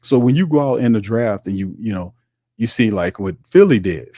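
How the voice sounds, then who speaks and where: A man's voice: medium pitch, expressive, moderate pace, a little mellow, no echo, studio quality. A man hosting sports commentary, ranting heatedly and repeating his points. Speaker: host.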